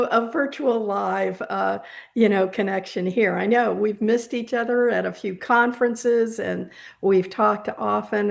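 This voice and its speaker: A woman guest on a livestream speaks slowly and in a friendly way. Her voice is heavily gravelly with strong vocal fry. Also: medium pitch. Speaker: guest presenter. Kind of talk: livestream chat.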